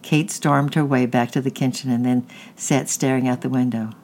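A narrator reads a novel chapter aloud in a steady, even storytelling manner. The voice is mid-pitched, with a faint rumble behind it. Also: moderate pace. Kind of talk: audiobook reading.

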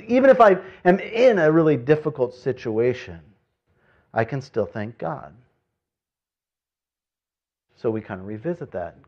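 A man preaching to his congregation in a casual, storytelling way. He pushes key points out loudly, then drops to near-private quiet asides. The recording sounds a little dull and muffled. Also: fairly high pitch, sing-song, normal speed. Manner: conversational preaching with sudden loud emphasis and quiet asides. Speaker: pastor. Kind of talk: sermon.

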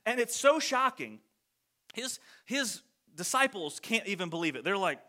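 Animated high-voiced man preaching casually. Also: normal speed. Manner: animated, acts out quotes in voices, many "like" fillers. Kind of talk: casual conversational sermon.

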